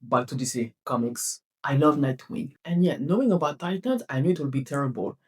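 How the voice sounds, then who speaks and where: A woman vlogger ranting to camera about a TV series, passionate and exasperated, swinging between loud outbursts and low mutters. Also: animated, a little fast, slightly rough. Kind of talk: casual rant to camera.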